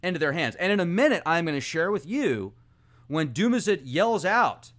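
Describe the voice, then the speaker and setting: A man hosting an informal monologue, talking animatedly and excitably, speeding up and slowing down as he goes. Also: a little high. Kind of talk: casual esoteric monologue.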